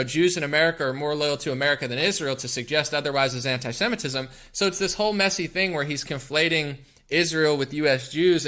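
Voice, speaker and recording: A man hosting a political talk podcast, ranting in a combative, emphatic way. His voice sits a bit high and sounds bright and forceful. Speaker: podcast host.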